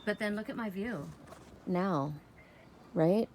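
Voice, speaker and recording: A woman chatting casually on her home deck, expressive and talking to her pets between thoughts. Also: medium pitch, slow. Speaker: spiritual vlogger. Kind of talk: casual chat.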